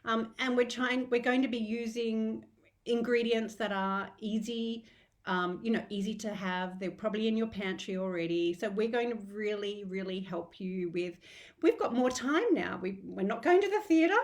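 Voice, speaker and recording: A woman's voice: mid-range voice, moderate pace. A middle-aged woman with an Australian accent hosts a diet group in a casual live video talk. She speaks in a heartfelt, encouraging way, with rambling restarts.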